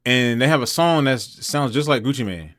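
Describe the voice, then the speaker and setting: A man talks back at a video in a blunt, slangy, sarcastic way. His voice sits at an ordinary pitch, close and dry with no room sound. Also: expressive, moderate pace, fairly bright tone, no echo. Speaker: reaction commentator. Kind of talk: casual reaction commentary.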